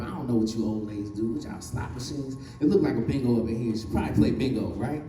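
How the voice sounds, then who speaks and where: A man's voice: mid-range voice, racing, few pauses, warm tone, roomy sound, distant mic, soft background music, poor audio. A man in his forties doing a stand-up comedy set, telling family stories and acting out his relatives' voices. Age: 40s. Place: comedy stage.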